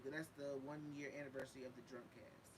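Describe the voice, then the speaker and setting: A young man co-hosting a podcast, talking loosely and swearing freely, getting loud and animated. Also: medium pitch, fast, noisy background. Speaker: podcast co-host. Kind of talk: casual chat.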